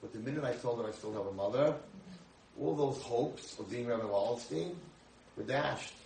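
A man's voice: medium pitch, normal speed, gravelly, darkish tone. A man in his sixties, a rabbi giving a humorous storytelling lecture, acting out the dialogue. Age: 60s. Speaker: rabbi and speaker. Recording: echoey room, from far off, faint hiss.

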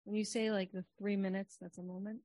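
A woman's voice: medium pitch, little pitch movement, fairly quick, dark tone, no echo. A woman co-hosting a casual podcast chat, asking questions in a hesitant way with many fillers.

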